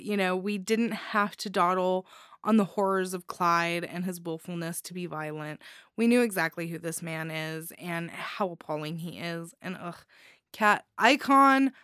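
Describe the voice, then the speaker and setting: A woman's voice: medium pitch, fairly bright tone, clean tone, no room sound, studio quality. Giddy, chatty woman story-show host. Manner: chatty and giddy, laughs often, many fillers. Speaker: host reviewing listener-submitted stories. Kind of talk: casual commentary on stories.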